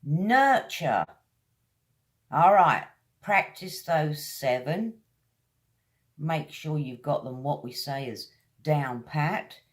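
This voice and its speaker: A woman with a British accent teaching English vocabulary, drawing each word out slowly as she drills its pronunciation. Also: sits low, animated. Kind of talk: vocabulary lesson.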